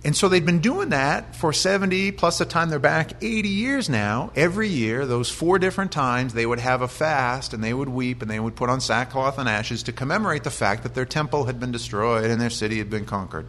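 A man's voice: medium pitch, fairly quick, few pauses, fairly bright tone. A man preaching a sermon in a church, talking to the congregation in a conversational way and breaking off for joking asides. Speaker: pastor.

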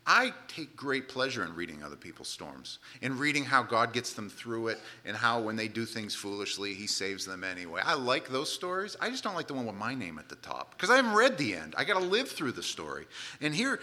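A man's voice: mid-range voice, big pitch swings, normal speed, pushed and bright. A man preaching a sermon, retelling a Bible story with dramatic quoted voices.

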